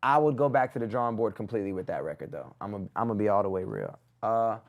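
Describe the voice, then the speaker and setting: A man's voice: on the low side, animated, fast talker, dull audio. A man hosting a live music review stream, giving blunt, casual critiques in slang and talking to his chat. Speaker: music review livestream host.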